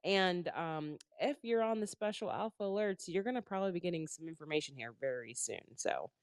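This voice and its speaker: A woman's voice: lowish voice, animated, brisk, smooth, no room sound, clean studio sound. Chatty woman with a stuffy, nasal cold. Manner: chatty, explains things step by step. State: congested with a sinus cold. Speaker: co-host. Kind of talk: casual chat on a live audio room.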